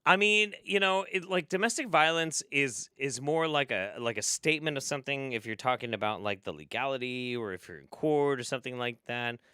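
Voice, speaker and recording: Bright, laughing streamer host. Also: male voice, mid-range voice, a little fast, hardly any pauses, clear, resonant tone, dry recording, studio quality. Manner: laughing, swearing, rambling. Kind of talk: casual reaction commentary.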